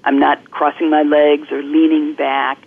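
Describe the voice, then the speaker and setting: A woman guest coach explaining things clearly and articulately in an interview, speaking over the phone. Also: deep voice, little pitch movement, a little slow. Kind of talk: interview on a podcast. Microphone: telephone. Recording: phone-line call-in audio.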